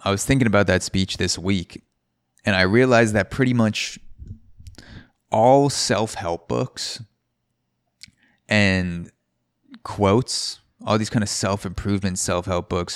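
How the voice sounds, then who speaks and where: A man's voice: low-pitched, smooth, dry recording, studio quality. A man hosting a solo podcast, telling a story in a rambling, casual way and often correcting himself. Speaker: podcast host.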